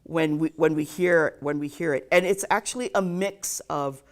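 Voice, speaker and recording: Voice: medium pitch, moderate pace. A ukulele teacher giving a live online lesson, counting beats aloud and checking in with "okay?" after nearly every point.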